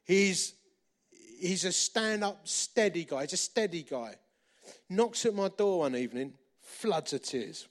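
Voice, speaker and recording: Guy preaching, fairly high voice, tells stories, repeats himself for punch, goes loud then quiet. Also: unhurried. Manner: lively, repeats phrases for emphasis, shifts between loud and hushed. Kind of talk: sermon with storytelling.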